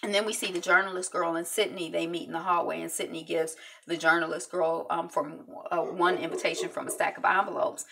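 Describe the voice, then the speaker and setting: Woman reviewer, casual TV recap, gravelly bright voice, acts out character lines. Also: on the low side, flat delivery, fairly quick, hardly any pauses, slight background noise. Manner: retells scenes acting out each character's lines.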